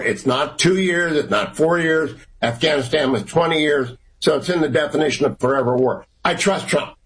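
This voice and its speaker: A middle-aged man speaking as a guest on political talk radio. His voice sits a little high for a man, and he makes his points in short, emphatic bursts. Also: rough recording. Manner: emphatic, rapid-fire opinionated delivery.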